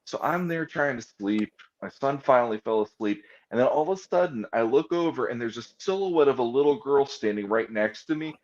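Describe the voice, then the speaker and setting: A man's voice: fairly high pitch, lo-fi sound. A man chatting casually as a podcast co-host, telling rambling, self-mocking stories and laughing often. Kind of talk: casual chat.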